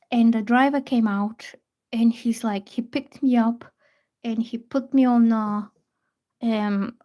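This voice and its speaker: A young woman reading tarot on a livestream, chatting casually and telling a story with soft, hesitant restarts. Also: a little high.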